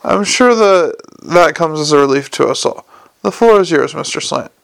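A man voicing a calm, measured city ruler in an audiobook. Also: fairly high pitch, vocal fry. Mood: polite. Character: calm, dry-witted male city ruler.

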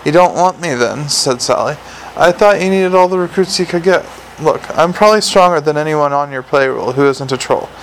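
A woman's voice: deep voice, a little hiss or hum, poor audio. A man voicing an earnest, polite young female vampire applying to join the police. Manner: polite, eager, a bit defensive.

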